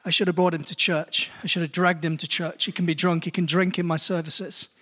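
An earnest middle-aged male preacher with a notably high voice. He reads scripture steadily, then tells stories that build into passionate conviction, speaking to a congregation in a church hall. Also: little pitch movement, a little fast, fairly bright tone. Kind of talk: sermon with scripture reading.

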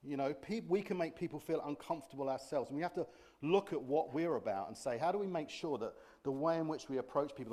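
A middle-aged man preaching a sermon, telling humorous stories in an animated way and acting out other people's voices. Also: medium pitch. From Britain. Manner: animated storytelling, acts out voices, laughs often.

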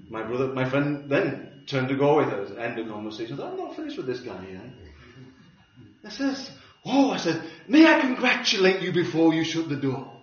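A man preaching a sermon, telling a story with wry humor and lively delivery. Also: high-pitched. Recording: roomy hall from a distance, dull sound.

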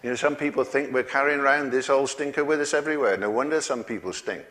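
A man delivers a sermon with a homely, chuckling manner, tossing rhetorical questions to his listeners. His voice sits at an ordinary pitch for a man. A long reverb trails behind him in a large hall. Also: quick pace, noisy background. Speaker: preacher.

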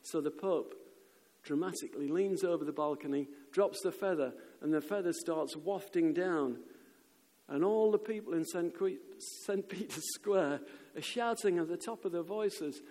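A man preaching a sermon, telling stories in an animated way and shouting out the lines of crowds. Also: fairly high pitch, normal speed. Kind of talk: sermon with storytelling. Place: church. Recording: long reverb of a church hall.

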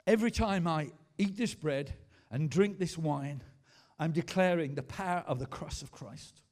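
A man preaching a sermon to a congregation in a school hall. His voice is mellow and dark-toned, pitched a little high, and he swings from slow, hushed reading to emphatic declarations, pausing for the room to answer back. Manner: emphatic preaching with call-and-response. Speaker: pastor.

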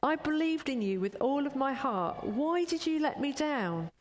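A woman's voice: sits high, animated, a little slow, big-room sound, pitched above the performer's own voice. Woman doing a stubborn stranded man in a sermon story. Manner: insistent, pleading.

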